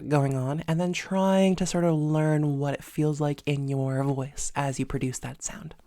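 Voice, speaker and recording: A woman voice coach giving an instructional lesson in a calm, measured way, with frequent "sort of" and "um" fillers as she explains exercises. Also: low-pitched, no room sound, studio quality. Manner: demonstrates sounds with their own voice.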